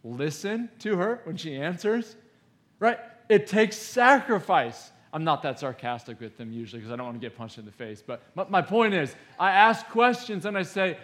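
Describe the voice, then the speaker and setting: A man's voice: on the high side, sing-song, normal speed, hardly any pauses. Emphatic male pastor preaching. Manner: emphatic, swings between loud stresses and hushed asides; conversational, with acted-out quotes. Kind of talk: sermon.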